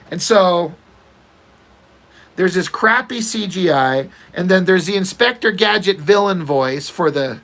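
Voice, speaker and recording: Sketching a comic page, the man keeps up a loose, ranting chat full of opinions and swearing, often trailing into fillers. His voice sits high with a fairly bright tone.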